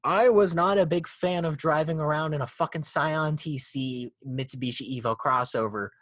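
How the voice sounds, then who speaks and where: A man's voice: fairly high pitch, moderate pace, no room sound. A man hosting a casual car podcast, swearing and laughing as he rants. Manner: profane, animated, laughing ranter. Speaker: podcast host.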